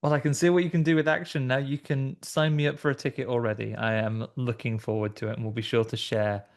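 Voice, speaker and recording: Gravelly British podcast host. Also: male voice, mid-range voice, little pitch movement, quick pace. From Britain. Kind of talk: interview questions.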